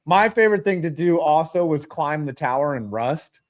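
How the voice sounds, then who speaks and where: A man's voice: on the high side, lively intonation, moderate pace. A man hosting a casual livestream, telling rambling profane stories with many restarts. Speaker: livestream host.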